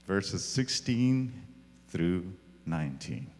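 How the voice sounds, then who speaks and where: A male pastor preaching a sermon, swinging from loud emphatic lines to hushed ones. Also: low voice, big pitch swings, very slow, slight background noise. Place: church sanctuary. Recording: echoey church hall.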